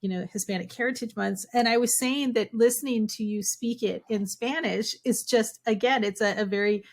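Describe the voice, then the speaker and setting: A woman's voice: on the high side, moderate pace. A woman from Minnesota with a Minnesotan accent, hosting a podcast interview with enthusiasm and rambling praise. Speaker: podcast host.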